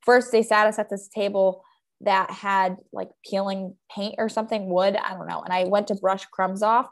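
A woman's voice: medium pitch, normal speed. A woman in her thirties chats on her podcast, recorded at home under a blanket. She tells her story casually and brings it to life by acting out the voices of the people in it. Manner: animated storyteller, acts out quoted voices. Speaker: podcast co-host.

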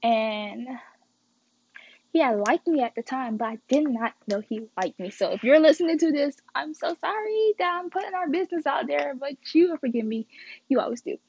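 Animated young woman telling a story. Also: sits high, normal speed, a little hiss or hum. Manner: animated, quotes texts in voices, swears freely. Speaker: podcast host. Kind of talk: casual storytelling. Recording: dry, dull lo-fi audio.

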